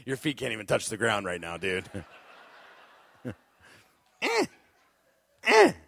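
Speaking as a guest preacher, a man with a lowish, creaky voice and an unhurried pace tells a funny story from his own life, laughing a lot before he moves into his sermon. He's a lively storyteller who laughs often and acts out the moments he describes.

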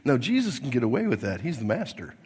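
A middle-aged man, a pastor, preaching a sermon to his congregation in a chatty, joking way, with a hoarse, coughing throat. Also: mid-range voice, huge pitch swings, quick pace, darkish tone. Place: church sanctuary. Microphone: mic at the pulpit, then a handheld mic. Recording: long hall reverb.

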